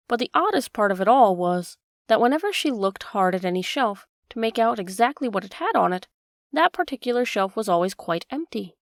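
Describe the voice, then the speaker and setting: A woman narrating a classic storybook in a steady, even reading. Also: on the high side, no room sound, studio quality.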